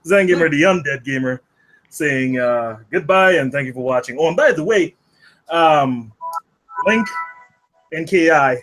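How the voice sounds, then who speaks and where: A man's voice: fairly high pitch, lively intonation, measured pace, long pauses, fairly bright tone, soft background music. Joking, foul-mouthed male podcast guest. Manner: joking, profane. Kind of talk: casual chat.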